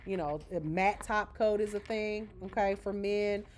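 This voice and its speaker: A woman's voice: mid-range voice, measured pace, darkish tone. A woman teaching a live beginner manicuring class, chatty and casual, checking in with "okay?" after nearly every point while she demonstrates with her hands. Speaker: nail school instructor.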